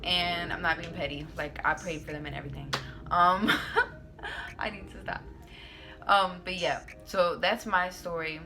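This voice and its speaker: A woman's voice: lowish voice, fairly even intonation, unhurried, music in the background. A young adult woman hosting her own channel, telling a casual storytime in a sassy, slangy way with plenty of "like"s. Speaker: YouTuber host.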